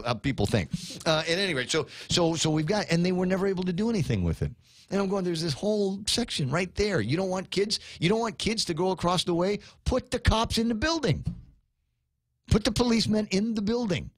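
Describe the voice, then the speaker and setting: A man hosting a talk radio show, ranting in a casual, animated way and restarting his sentences often. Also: high voice, fast, no echo.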